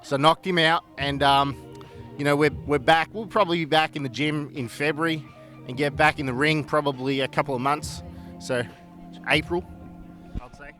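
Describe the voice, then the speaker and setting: A man's voice: on the high side, fairly even intonation, moderate pace, pushed and bright, faint music behind. A man, a boxer and case manager, giving casual, plain-spoken interview answers.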